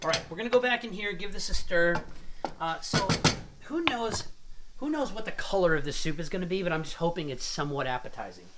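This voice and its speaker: A man hosts a casual home cooking stream, rambling and joking as he chops and stirs. His pitch swings all over the place as he talks. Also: lively intonation, fast, noisy background. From Irish family roots. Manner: jokey, rambling, chatty. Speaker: cooking show host.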